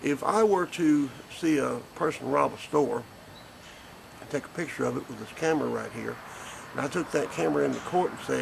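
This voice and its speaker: A man's voice: mid-range voice, brisk, gravelly, a little hiss or hum, rough recording. A man, a grandfather speaking bluntly and indignantly in a recorded statement. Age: 50s. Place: porch outdoors.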